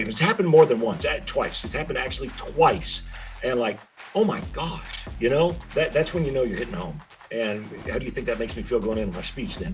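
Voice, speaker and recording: A man who works as a speaker coach, presenting a webinar on public speaking, animated and addressing the listener with frequent questions. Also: medium pitch.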